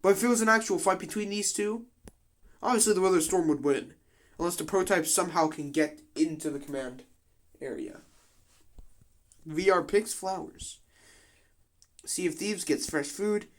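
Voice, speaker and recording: A man's voice: high voice, normal speed, pauses often. A young man giving casual commentary on a game simulation, slangy and full of swearing and joking asides.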